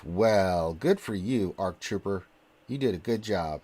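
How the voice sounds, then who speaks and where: A man streaming a game live and commenting as he plays. He jokes, talks to the characters on screen, and swings between loud excited calls and low muttering. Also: moderate pace, soft background music. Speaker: gaming streamer.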